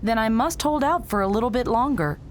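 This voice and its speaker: A woman's voice: a little high, animated, a little fast, slight background noise, close to an everyday voice. A woman voicing a stubborn young time traveler in a game, brushing off every warning. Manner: headstrong, brushes off concern. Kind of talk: game voice acting.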